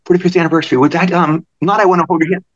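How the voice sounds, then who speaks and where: Rapid-fire excitable older man, lo-fi sound. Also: fairly high pitch. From Cumberland, Maryland. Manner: rapid, excitable, repeats words and restarts. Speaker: guest actor. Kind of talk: animated storytelling in a podcast interview.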